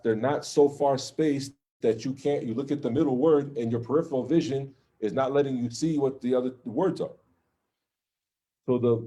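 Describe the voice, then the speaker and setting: Speaking mellowly at a medium pitch, a man teaches Islam in a relaxed class setting. He keeps it conversational, often asking his listeners "okay?" or "right?".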